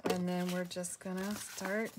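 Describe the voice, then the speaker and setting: A woman's voice: fairly low pitch, little pitch movement, measured pace, noisy background. A woman chatting her way through a craft tutorial, self-deprecating, with many fillers and restarts. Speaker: craft video host. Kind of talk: casual craft tutorial narration.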